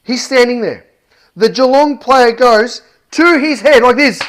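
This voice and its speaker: Aussie bloke ranting about the footy, high voice, cursing, really worked up. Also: male voice, a little slow, fairly bright tone. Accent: Australian. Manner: worked up, swears often, punchy and emphatic. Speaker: football fan vlogger. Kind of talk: heated match review rant.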